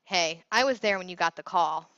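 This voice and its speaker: A woman's voice: fairly low pitch, normal speed, vocal fry, sharp tone, clean tone, no echo. A woman reading the part of a blunt, teasing teenage boy in an audiobook. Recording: dull dry recording.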